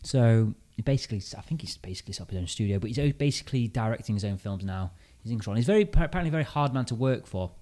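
A man's voice: on the low side, expressive, very fast, few pauses, dark tone. British man casually telling a story. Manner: storytelling, thinking aloud with restarts. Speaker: podcast host. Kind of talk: casual chat.

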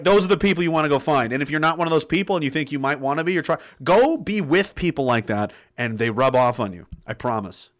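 A man's voice: fairly high pitch, expressive, quick pace, a bit bright. A man hosting a livestream, reading out chat comments and ranting bluntly with lots of swearing and laughs between points. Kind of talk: casual ranting livestream talk.

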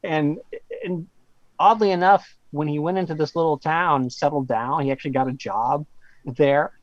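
A male author, appearing as a guest, tells a long story in casual conversation, rambling with fillers and many quick asides. His voice is fairly high-pitched, and the lo-fi recording has no room sound.

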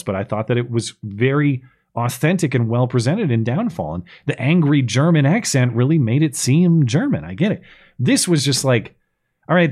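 A man hosting a podcast, chatting casually and sarcastically as he picks apart a film. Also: medium pitch. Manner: chatty, sarcastic, animated complaining. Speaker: podcast host. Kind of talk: casual chat reviewing a film.

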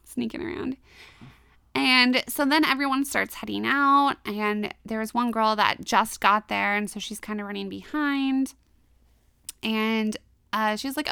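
A woman's voice: on the high side, moderate pace, vocal fry, smooth, no room sound, studio quality. A woman co-hosting a podcast, casually retelling an anime episode with lots of laughs and quoted lines. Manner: giggly, animated retelling with quoted voices. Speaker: podcast co-host.

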